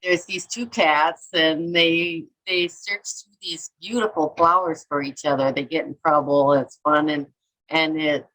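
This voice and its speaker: This deep, steady, unhurried voice belongs to a middle-aged Minnesota woman who works as an artist and author, and her tone is fairly bright. She chats her way through rambling stories in a relaxed interview, performing quotes and talking to herself. Audio quality is poor.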